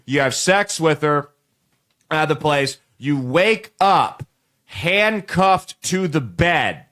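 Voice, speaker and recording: A late-twenties man hosting a show speaks slowly in a fairly high, animated voice with a fairly bright tone. Facing viewers directly, he rambles through a crude comic story with many restarts, in a comedic monologue.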